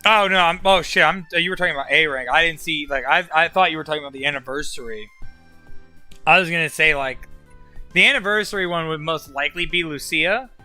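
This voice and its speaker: A man's voice: on the high side, brisk, sharp tone, no room sound, faint music behind. A young man casually commenting while streaming a game, loose and profane, rambling with lots of filler words.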